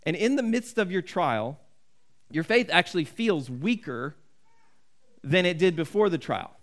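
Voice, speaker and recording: A man preaching a sermon in a somewhat high voice. He talks in an earnest, conversational way and often restarts his sentences. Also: expressive, measured pace. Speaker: pastor.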